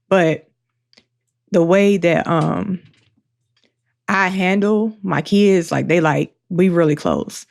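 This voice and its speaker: A woman's voice: on the low side, vocal fry. Emotional woman opening up on a podcast. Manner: emotional, open, slow and halting. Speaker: podcast co-host. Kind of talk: candid personal talk.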